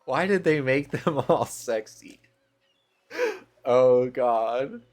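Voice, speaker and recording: A man's voice: a little high, expressive, unhurried, breathy edge. A man streaming a dating game, reading its text aloud and joking with playful, self-mocking asides.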